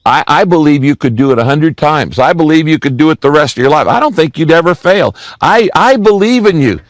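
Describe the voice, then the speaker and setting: A man's voice: a little high, fast talker, no echo, natural voice. A male pastor voicing an admiring bystander inside a sermon story. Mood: awed.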